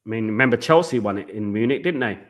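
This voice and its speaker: A man's voice: lowish voice, animated, fast. A man hosting a live football watchalong, chatting casually and repeating himself. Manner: chatty, rambling, repeats himself, keeps saying "guys". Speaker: watchalong host.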